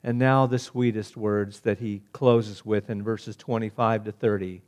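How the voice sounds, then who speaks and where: A man preaching a sermon, swinging between loud emphatic declarations and hushed, gentle appeals. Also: lowish voice, fairly even intonation, unhurried.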